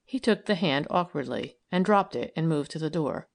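A woman reading a story aloud in a measured, calm narration. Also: low voice, vocal fry. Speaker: audiobook reader.

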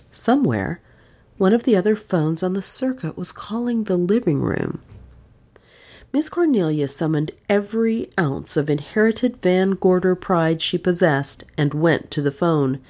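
Low-voiced woman narrating a mystery. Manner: even, measured storytelling. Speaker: audiobook narrator. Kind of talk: scripted narration.

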